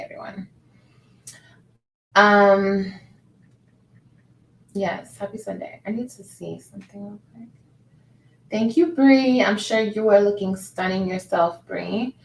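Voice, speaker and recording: Slow, chatty woman livestreaming. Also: medium pitch, creaky. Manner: chatty, greets viewers, reads comments aloud. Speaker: livestream host. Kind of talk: casual livestream chat. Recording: echoey room, faint background noise.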